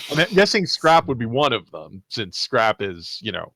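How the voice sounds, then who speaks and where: Man, tabletop player, lively up-and-down voice, dry close sound, argues points. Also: mid-range voice, dry recording. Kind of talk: tabletop role-play.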